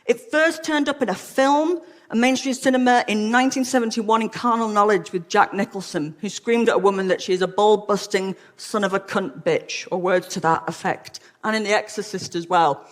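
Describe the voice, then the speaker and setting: An Englishwoman gives a humorous public talk, frank and playfully witty. Her voice sits at an ordinary middle pitch. A long reverb from the large hall follows her words. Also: normal speed, few pauses. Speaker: lecturer.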